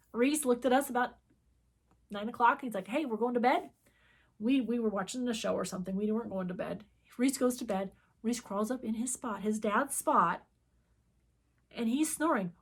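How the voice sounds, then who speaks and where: A middle-aged woman co-hosts a cross-stitch video channel, telling a story in casual chat and acting out the quoted dialogue. Her voice is a little high and a little fast.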